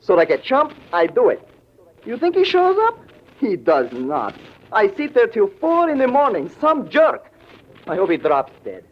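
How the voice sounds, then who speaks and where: A man's voice: high voice, huge pitch swings, a little slow, exaggerated voice. An actor playing a chatty, jive-talking young male pianist in a 1940s radio drama, full of hipster slang. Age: young adult. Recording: dull vintage radio recording.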